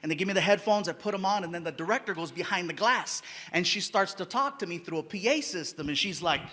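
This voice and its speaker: A man performing stand-up comedy, telling animated stories with sudden shouts and put-on voices. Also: sits high, quick pace.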